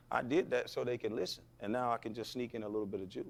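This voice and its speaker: A former athlete as a podcast guest, talking bluntly and emphatically and firing back rhetorical questions. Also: male voice, medium pitch, steady tone, quick pace, vocal fry, few pauses. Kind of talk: heated podcast interview.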